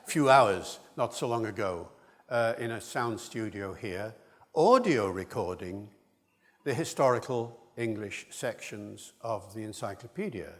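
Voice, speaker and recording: A man's voice: lowish voice, animated, unhurried. Older man lecturing in a reverberant hall. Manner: discursive and enthusiastic, with asides. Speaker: linguist lecturer. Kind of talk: public lecture.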